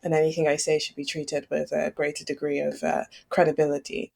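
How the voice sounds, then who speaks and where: A woman co-hosting a political podcast discussion, speaking in a measured, analytical way and often checking in with "right?". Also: low voice, monotone, gravelly, a little mellow. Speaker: podcast co-host.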